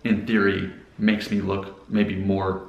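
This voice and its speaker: American guy in his 40s vlogging, low gravelly voice, roomy echo, keeps asking viewers stuff. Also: little pitch movement, takes it slowly, narrow, tinny audio. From United States. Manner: questioning viewers directly, gesturing as he talks. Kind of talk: casual talk to camera.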